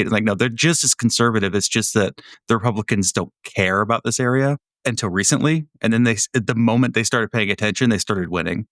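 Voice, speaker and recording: A man's voice: lowish voice, quick pace, hardly any pauses, a bit bright, no room sound, clean studio sound. A man who grew up in Florida, co-hosting a podcast in casual chat, wry and rambling, with the odd swear. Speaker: podcast co-host.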